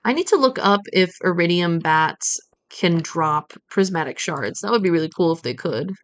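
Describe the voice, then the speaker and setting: A woman's voice: fairly low pitch, lively intonation, moderate pace. A woman streaming a farming game, chatting playfully and muttering to herself as she plays. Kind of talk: casual gameplay commentary.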